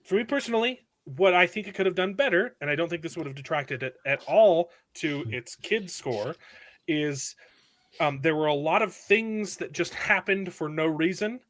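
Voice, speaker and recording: A man hosting a casual panel chat, a father, talking animatedly and jumping high in pitch when imitating others. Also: moderate pace, a bit bright. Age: adult with a young son. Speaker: host.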